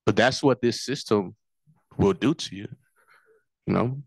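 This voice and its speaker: A man's voice: lowish voice, unhurried, gravelly, breathy edge, no room sound. A man from Africa giving personal testimony at a forum, telling his story in an earnest way that keeps circling back to what he remembers. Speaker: forum speaker.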